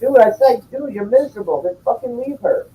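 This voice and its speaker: A woman's voice: fairly high pitch, a little fast, warm tone, recorded from a distance, low-quality recording. Blunt, profane woman telling a story. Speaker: streamer chatting with viewers. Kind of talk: casual chat.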